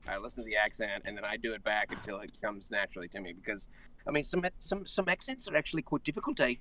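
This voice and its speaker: A man, a voice actor, chatting casually on a talk show, quick and jokey, breaking into voices and accents now and then. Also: fairly low pitch, lively intonation, sharp tone, slight background noise, poor audio. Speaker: voice actor guest.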